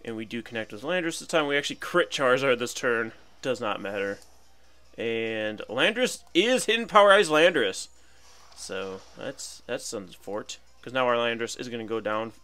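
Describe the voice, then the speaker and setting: Young guy narrating his game match, bright forceful voice, chatty and jokey, faint music behind. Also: mid-range voice, brisk, hardly any pauses. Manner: chatty, thinks aloud, playful asides. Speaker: gaming commentator. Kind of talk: casual game commentary.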